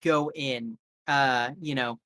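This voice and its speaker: A man's voice: mid-range voice, fairly even intonation, slow pace, sharp tone, dry recording, studio quality. A man serving as game master, narrating a horror scene in a loose style full of fillers.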